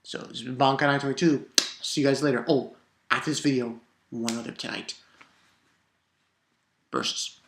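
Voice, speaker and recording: A woman with a notably low voice reviews a manga chapter for her channel. She talks in a loose, excitable ramble, swears freely and restarts her sentences often. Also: normal speed, pauses often, background noise. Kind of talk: casual video review.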